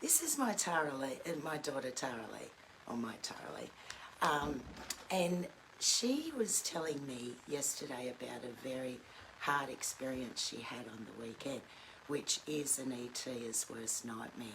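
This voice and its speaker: A woman's voice: a bass voice, expressive, unhurried, fairly bright tone, a little hiss or hum, poor audio. A middle-aged woman, hosting a casual live chat with her daughter and speaking hesitantly with many fillers. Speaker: live stream host, mother.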